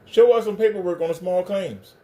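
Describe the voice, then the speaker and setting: A man's voice: sits high, brisk, dark tone, lo-fi sound. A man hosting a livestream, ranting confrontationally and hammering the same pointed questions. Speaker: livestream commentator.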